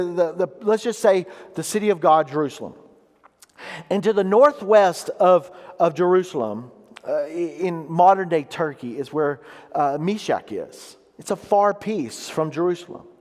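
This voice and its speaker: A man delivers a sermon from the pulpit, his voice sitting high for a man. He explains scripture with emphatic, weighty stresses. Long reverb trails off each phrase in the sanctuary. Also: darkish tone. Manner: emphatic preaching, reads scripture aloud with slow weighty pauses. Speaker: pastor. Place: church sanctuary.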